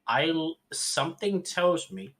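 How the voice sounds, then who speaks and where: A man's voice: fairly high pitch, a little slow, gravelly, fairly bright tone. A man co-hosting a podcast, joking around and giving his hot takes in casual chat. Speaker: podcast co-host.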